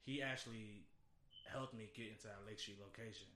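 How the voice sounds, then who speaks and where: A man's voice: on the low side, steady tone, fairly quick, reverberant, crowd noise. A man chatting easygoing and slangy as a guest in a casual talk. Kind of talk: casual chat.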